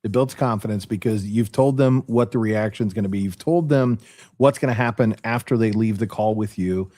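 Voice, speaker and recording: A man's voice: fairly low pitch, moderate pace, mellow, no room sound. Male interview host, conversational and affirming, dry close mic. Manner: affirming, sums up the guest's points with analogies. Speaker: podcast host.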